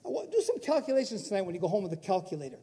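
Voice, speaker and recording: A male preacher with a strikingly high voice delivers a sermon. He peppers the congregation with rhetorical questions and swings from loud exclamations to hushed asides. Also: huge pitch swings. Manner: rapid-fire rhetorical questions.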